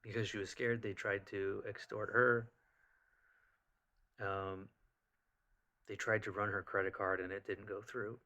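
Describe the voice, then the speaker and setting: A man's voice: fairly low pitch, little pitch movement, unhurried, pauses often, pushed and bright. A man telling a personal story in a casual, rambling way, full of fillers and restarts. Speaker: vlogger.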